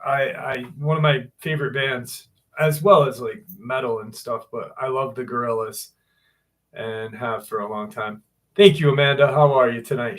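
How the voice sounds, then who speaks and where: A man's voice: medium pitch, steady tone, normal speed. A man hosting a live stream, chatting casually and greeting viewers one by one in a laid-back way.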